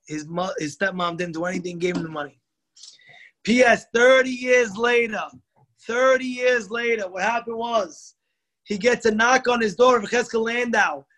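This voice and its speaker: A man telling a moral story in a sermon, animated, slowing down for emphasis and voicing the characters in his tale. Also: very high-pitched, low-quality recording.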